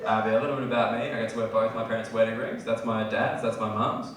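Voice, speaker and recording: A young Australian man doing a stand-up set in a comedy club, brash and sweary, going from shouted bits to low, mumbled asides. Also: little pitch movement, fast, distant mic. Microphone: handheld stage mic. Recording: echoey club, heard from afar, loud audience noise.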